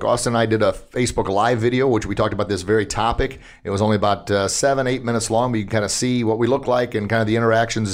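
A middle-aged man hosting a podcast from a studio, talking casually and upbeat, laughing at his own slips. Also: on the low side. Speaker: podcast host. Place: recording studio.

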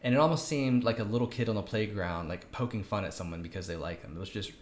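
A co-host in a casual film-review chat, animated, with jokey asides and acted-out quotes. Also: low-pitched, fast talker. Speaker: podcast co-host. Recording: roomy echo.

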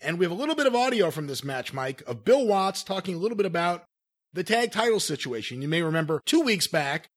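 A man with a somewhat high voice hosts a casual commentary chat. He steers the conversation and sets up each clip in an easy, conversational way. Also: sing-song, fast. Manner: leads the talk, cues clips. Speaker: podcast host.

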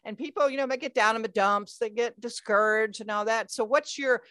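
A woman's voice: on the high side, brisk, a bit bright, no echo. A woman talk show host asking a guest questions in a rambling way with many fillers. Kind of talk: interview conversation.

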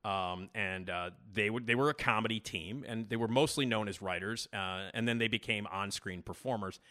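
Rambling male podcast host, bright voice. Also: fairly low pitch, moderate pace. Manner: rambling, many fillers. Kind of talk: casual commentary.

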